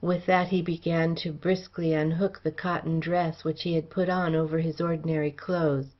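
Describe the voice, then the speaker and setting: A woman reading a classic adventure novel aloud as an audiobook, in a steady, formal storytelling manner. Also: deep voice, normal speed, muffled recording. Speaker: audiobook reader. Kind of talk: scripted narration of a classic novel.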